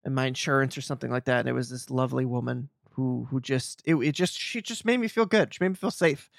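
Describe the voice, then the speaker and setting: A man's voice: medium pitch, fast, vocal fry, dry recording, clean studio sound. A young adult man co-hosting a podcast, chatting casually, swearing freely and joking at his own expense. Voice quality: swears freely, self-mocking. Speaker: podcast co-host. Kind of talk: casual chat.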